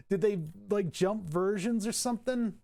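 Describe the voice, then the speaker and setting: A streamer thinking aloud while fixing software on a live stream, cursing and laughing at the frustration. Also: medium pitch, unhurried.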